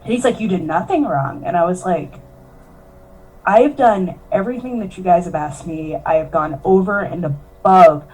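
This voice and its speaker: A woman's voice: lowish voice, moderate pace, mellow, poor audio. A woman, a professional wrestler, telling her story in a candid interview, earnest and emotional, often quoting herself and others. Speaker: professional wrestler, podcast guest.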